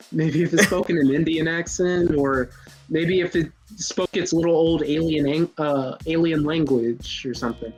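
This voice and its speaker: A man's voice: on the high side, a little slow, darkish tone, soft background music. A man co-hosting a live weird news reaction show, laid-back and joking. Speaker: co-host.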